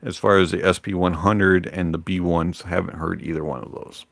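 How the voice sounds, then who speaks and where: A man hosting a livestream in a relaxed, rambling manner, pausing often on fillers. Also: deep voice, gravelly, no room sound. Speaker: livestream host. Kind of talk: casual livestream chat.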